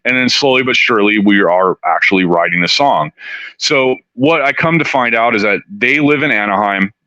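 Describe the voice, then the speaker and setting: A man's voice: fairly low pitch, moderate pace, pushed and bright, no echo. A middle-aged man from Southern California, telling a long story as an interview guest in a rambling, profane way, full of "you know". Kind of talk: casual storytelling. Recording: dull, dry studio sound.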